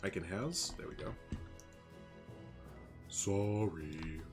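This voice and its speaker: A man's voice: deep voice, lively intonation, extremely slow, music in the background. Rambling, jokey male game streamer. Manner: rambling and jokey, chats with viewers, laughs often. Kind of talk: casual live-stream chat.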